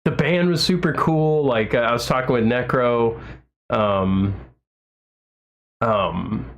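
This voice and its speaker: A man's voice: medium pitch, takes it slowly. A man chatting casually on a livestream, rambling with lots of fillers and restarts and gushing with enthusiasm. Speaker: livestream host.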